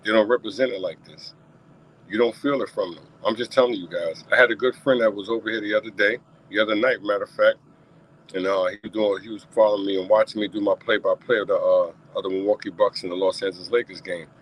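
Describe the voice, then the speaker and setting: A lower-voiced man hosts his own sports talk stream off the cuff. He repeats himself and pushes his voice up toward near-shouting when he gets heated. There's a faint hum of noise behind him. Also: fairly even intonation, fast talker, low-quality recording. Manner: passionate, repetitive, rising to near-shouting rants. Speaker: talk show host.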